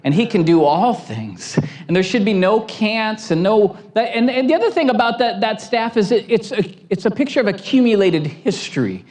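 Male pastor, sermon, animated pitch, playful and self-mocking. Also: moderate pace, few pauses. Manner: lively, storytelling, acts out voices, laughs at himself.

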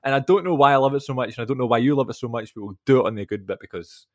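Fast-talking young man, dry close mic. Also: mid-range voice, no echo. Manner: rambling storytelling, many fillers and asides. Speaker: podcast co-host. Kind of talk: casual film podcast chat.

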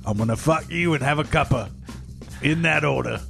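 A man's voice: on the high side, normal speed, creaky, fairly bright tone, soft background music. A man voicing a lusty, tea-loving British male seducer in a lewd, growly, mock-seductive way, as a comedy podcast bit. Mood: leering.

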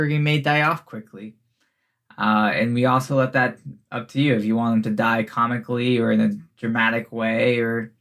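A young man hosting a casual tabletop gaming podcast and playing along, easygoing and quick to laugh. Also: mid-range voice, fairly bright tone. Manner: easygoing, laughs often, loose fillers. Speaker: podcast host and player. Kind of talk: casual chat and tabletop play.

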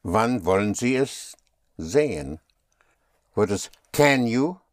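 A man's voice: fairly low pitch, expressive, slow pace, dry recording, clean studio sound. A man teaching German in a patient one-on-one lesson, often spelling words out letter by letter.

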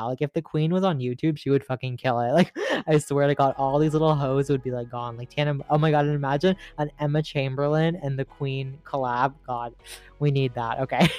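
A man's voice: medium pitch, darkish tone, clear, resonant tone. A man in his late teens hosting a solo podcast, chatting in a rambling, profane way, full of filler words and giggles. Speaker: podcast host. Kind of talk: casual solo podcast chat.

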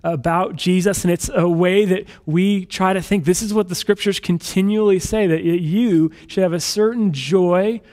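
A man preaching a sermon in a conversational, animated storytelling manner. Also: sits high, moderate pace, few pauses. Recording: hall reverb.

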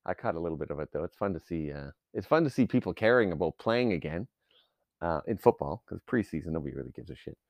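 A man's voice: deep voice, animated, quick pace, creaky, darkish tone, no echo. Profane, rambling man on a dry mic. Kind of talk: casual solo rant.

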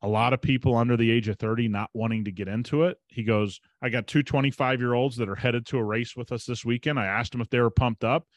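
A man's voice: medium pitch, steady tone, fast talker, hardly any pauses, no room sound. A man hosting a podcast, telling a story in a casual, emphatic way and retelling conversations as quoted dialogue. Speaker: podcast host.

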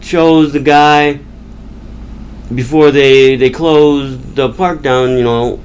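A man's voice: mid-range voice, steady tone, slow, a little hiss or hum, poor audio. A man, the podcast host, rambling through a casual movie recap with chatty restarts.

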